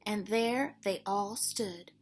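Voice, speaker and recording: A woman elementary school teacher reading a picture book aloud with expressive storytelling and voiced sound effects. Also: mid-range voice, slow.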